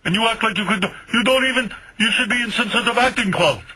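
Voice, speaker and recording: A man's voice: high-pitched, quick pace, sharp tone, breathy edge, pitched above the performer's own voice, full character voice, rough recording. A man putting on his nagging older father, lecturing his son. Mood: scolding. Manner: scolding, lecturing. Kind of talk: comic impression on talk radio.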